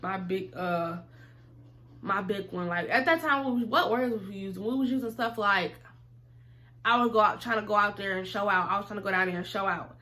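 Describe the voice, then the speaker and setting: Bright-voiced woman telling a storytime. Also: mid-range voice, fast talker. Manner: animated, slangy, acts out both sides of the dialogue. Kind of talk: casual storytime vlog.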